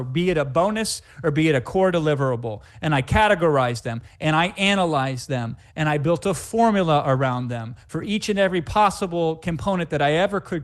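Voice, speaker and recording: A man presenting a live webinar sales pitch as a sales trainer, emphatic and hype-driven, rattling off repetitive lists.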